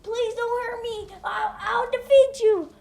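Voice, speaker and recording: A woman voicing a timid, excitable young boy hero in a squeaky, frantic voice, recorded in a roomy space. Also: a little fast. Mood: terrified. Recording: roomy echo, faint noise.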